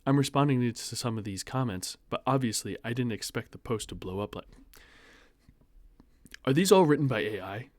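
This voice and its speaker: A man's voice: medium pitch, lively intonation, normal speed, dry recording. A young American man reads an online post aloud and breaks in with sarcastic, mocking asides in a casual commentary. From United States. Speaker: host reading online posts.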